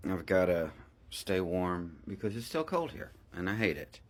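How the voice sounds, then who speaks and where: His low voice swings widely in pitch at a normal speed as he rambles casually through a home baking vlog, adding little asides. The chat happens indoors in a home baking room, captured on a phone or sometimes earbuds.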